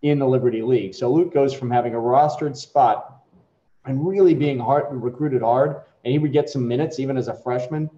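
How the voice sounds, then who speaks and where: A middle-aged man, a company chief, chatting casually before a software demo and telling rambling stories that break off and restart. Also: medium pitch, a little fast. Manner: rambling, self-interrupting storytelling. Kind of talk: casual chat. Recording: echoey, dull lo-fi room sound.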